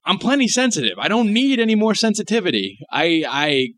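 A young man with a bright, sharp voice, co-hosting a podcast in crude casual chat. He rants with heavy profanity and pushes his points hard. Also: high-pitched, very animated, a little fast. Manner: profane, emphatic ranting. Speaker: podcast co-host.

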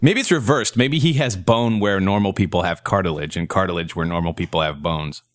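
A man's voice: low-pitched, brisk, no echo. A man in his thirties hosting a casual comedy podcast, joking crudely and laughing often. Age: 30s. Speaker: podcast host.

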